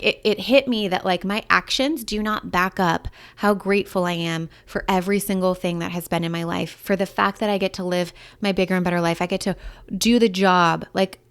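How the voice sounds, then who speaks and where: A woman in her thirties hosting a solo podcast, chatting in an upbeat, candid way with lots of fillers. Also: mid-range voice. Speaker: podcast host and breakup coach. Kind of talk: casual solo podcast talk.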